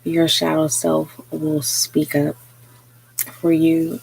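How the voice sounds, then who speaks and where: A tarot reader giving a live spiritual reading, talking slowly and earnestly with frequent pauses and fillers. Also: medium pitch, monotone, gravelly, a little mellow, breathy edge, rough recording. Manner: slow, hesitant, many pauses and fillers; earnest, encouraging.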